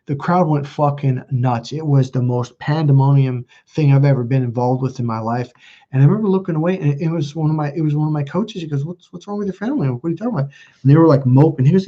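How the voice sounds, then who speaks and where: A man talks casually on a livestream with blunt emphasis, swearing freely and restarting sentences as he goes. His voice is mellow and dark, and the sound is dull and lo-fi. He speaks at a middle pitch. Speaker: self-help channel host.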